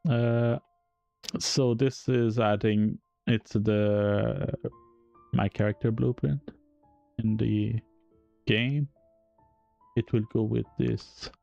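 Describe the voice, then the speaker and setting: A man with a French accent, a native French speaker, explains game code on a live stream in a halting, self-correcting way, chuckling at his own slips. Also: lowish voice, fairly even intonation, gravelly, dark tone, lo-fi sound, faint music behind.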